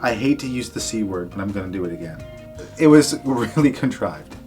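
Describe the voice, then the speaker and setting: A man's voice: on the low side, expressive, fairly quick, darkish tone, soft background music. A man co-hosting a podcast, casually and bluntly criticising an episode with a wry tone. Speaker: podcast co-host.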